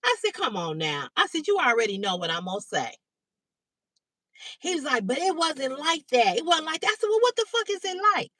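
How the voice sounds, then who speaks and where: A woman hosting a livestream, telling a story to her chat in a blunt, animated way, swearing freely and greeting viewers by name. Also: high voice, moderate pace, dry recording. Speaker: livestream host. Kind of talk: casual storytelling to live chat. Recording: dry, slightly distant mic.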